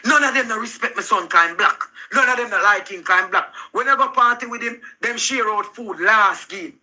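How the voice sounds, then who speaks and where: A man's voice: high-pitched, moderate pace, bright, forceful tone, rough recording. A young man with a Jamaican accent, arguing heatedly on a live stream, insistent and talking over the other person, repeating himself.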